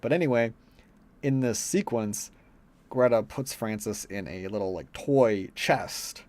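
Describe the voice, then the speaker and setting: A man's voice: lowish voice, slow, darkish tone. Rambling, profane man reviewing a film. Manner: rambling, blunt and profane, with many fillers. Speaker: movie reviewer. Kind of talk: casual spoken film review.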